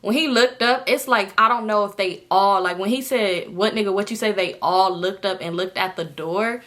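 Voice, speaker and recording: A woman in her twenties telling a story casually to camera, animated and swearing freely, jumping up in pitch when she acts out other people. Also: moderate pace. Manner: swears freely, talks straight to viewers. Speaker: storytime vlogger.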